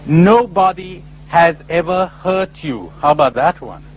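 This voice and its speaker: A man giving a spiritual talk to a live audience, animated and full of rhetorical questions, often acting out other people's replies. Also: on the high side, measured pace, dull audio, a little hiss or hum. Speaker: spiritual speaker. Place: lecture before a live audience.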